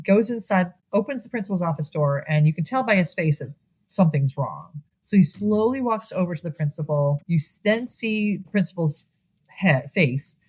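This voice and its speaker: A woman with a slightly low voice chats her way through a movie recap on a podcast. She tells it animatedly, dropping into quick put-on voices for each character and breaking into laughs along the way. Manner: animated retelling, acting out lines in quick voices, laughs often. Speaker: podcast co-host. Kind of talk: casual movie recap chat.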